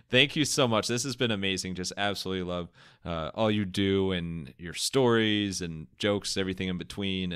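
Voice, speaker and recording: A man's voice: deep voice, a bit bright, clean tone, dry recording, studio quality. A man hosting a podcast, asking questions in an upbeat, thankful, casual way. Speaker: podcast host. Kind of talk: casual interview chat.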